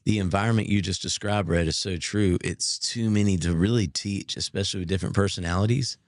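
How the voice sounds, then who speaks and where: Deep-voiced earnest man. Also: fairly quick, no room sound, studio quality. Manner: earnest, heartfelt storytelling. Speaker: podcast co-host. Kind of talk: casual podcast chat.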